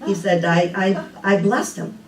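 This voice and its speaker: An older woman delivers a relaxed, conversational sermon, telling homely stories and asking her listeners rhetorical questions. She stands some distance from the mic, and her voice carries the echo of a large room, with a faint hum of ambience underneath. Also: mid-range voice, a little slow. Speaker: speaker at a spiritual community. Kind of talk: casual sermon. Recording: echoey room, picked up from a distance.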